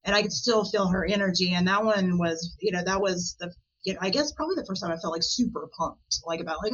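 A woman talking as a podcast guest in a casual interview, chatty and animated, often laughing. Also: lowish voice, fast talker, highs cut off, a little hiss or hum.

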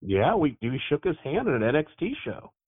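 A man's voice: fairly high pitch, big pitch swings, fairly quick, husky, no room sound. Male co-host, easygoing joker, dry tinny phone-quality sound. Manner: easygoing, joking. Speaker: podcast co-host. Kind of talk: casual chat.

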